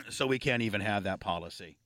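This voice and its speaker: A man's voice: fairly low pitch, normal speed, pushed and bright, no echo. A man hosting a radio talk show, joking and rambling in casual studio banter.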